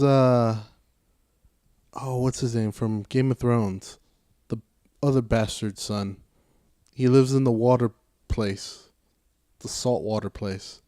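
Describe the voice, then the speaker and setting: A man co-hosting a casual podcast, retelling stories with quick offhand character quotes. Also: medium pitch, fairly even intonation, dark tone, dry recording, clean studio sound. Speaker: podcast co-host. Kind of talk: casual chat.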